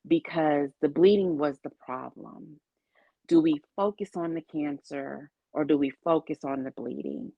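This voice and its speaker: A woman's voice: low voice, unhurried, creaky, slightly rough, dry recording, narrow, tinny audio. A woman giving an interview, telling her personal story of illness and faith with earnest storytelling and quoted dialogue. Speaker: interview guest.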